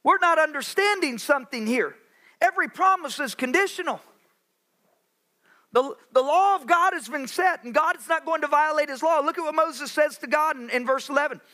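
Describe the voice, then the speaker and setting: A male pastor with a high, bright voice preaches a sermon in a church sanctuary. He uses dramatic pauses and acts out the voices of Bible figures.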